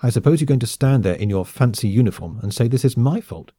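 A man reading the part of an older woman who pretends to be drunk, loud and indignant with slurred words. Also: mid-range voice, animated, fast, husky, no room sound, studio quality.

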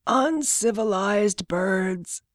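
A woman's voice: medium pitch, expressive, drawn-out words, dry recording, pitched above the performer's own voice. A woman voicing a tall, blunt woodcutter in a storybook reading, with a dry, weary manner. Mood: grumbling.

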